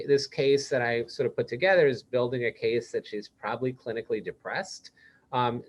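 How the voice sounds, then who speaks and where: A man of ordinary pitch talks through a case study in an easy, conversational manner, speaking as a psychiatrist leading a webinar. He often slips into the voice of a caring manager to show what to say. The sound is that of a video call. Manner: conversational, role-plays supportive manager lines. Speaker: presenter, psychiatrist. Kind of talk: interactive webinar presentation.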